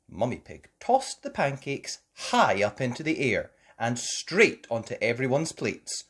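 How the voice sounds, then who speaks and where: A woman reading a children's picture book aloud in a slow, expressive way. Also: very deep voice, husky. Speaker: children's story reader. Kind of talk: storybook read-aloud.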